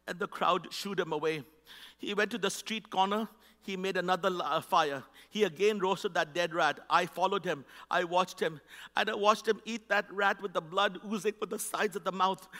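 This is a man from India sharing his personal story from a church platform. His voice sits high and sounds bright and ringing. He tells it with emphasis and urges the audience along, and the sound carries the long reverb of a big hall. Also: normal speed. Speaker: charity vice president speaking to a church. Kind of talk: personal testimony in a church talk. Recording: echoey hall.

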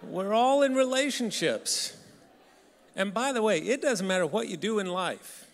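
A man tells stories to a live crowd in a large hall, his voice carrying a long echo. He speaks a little higher than most men and keeps it conversational, throwing questions out to the listeners. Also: animated, a little slow. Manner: conversational, asks the audience questions. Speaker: guest speaker. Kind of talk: storytelling talk to an audience. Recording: hall reverb.

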